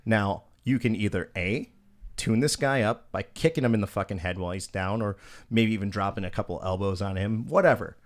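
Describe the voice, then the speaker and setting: A man's voice: fairly low pitch, a little fast. A man hosting a podcast, telling stories in casual chat with lots of swearing and acted-out quotes. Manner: profane, animated, acts out quoted voices. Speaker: podcast host.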